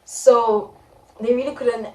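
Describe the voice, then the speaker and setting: A woman's voice: a little high, fairly even intonation, slow pace, mellow, distant mic. A young South African woman in her twenties, telling a story in a casual vlog and retelling it dramatically with quoted voices. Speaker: vlogger. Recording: echoey room, faint background noise.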